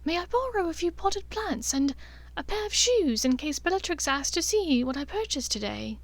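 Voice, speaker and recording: A woman voicing an elegant aristocratic witch mother, poised, formal and soft-spoken, for an audiobook. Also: very high voice, animated, moderate pace, no room sound, voice pushed up. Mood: gracious.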